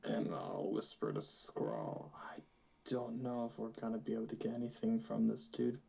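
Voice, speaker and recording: A man's voice: on the low side, huge pitch swings, moderate pace, gravelly, darkish tone. A man playing a tabletop game, speaking hesitantly in character. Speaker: player. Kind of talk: tabletop role-play chat.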